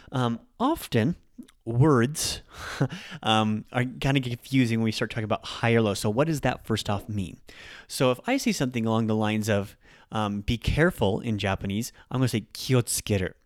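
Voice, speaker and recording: A man, a native English speaker, hosting a casual podcast lesson, chatty and repeating words slowly to show them. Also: fairly low pitch, no echo, clean studio sound. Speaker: podcast host teaching Japanese.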